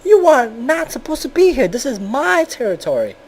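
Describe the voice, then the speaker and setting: A man voicing an angry, territorial male domestic cheese who yells high-pitched accusations. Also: very animated, normal speed, exaggerated voice. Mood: furious. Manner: shrill yelling, accusing.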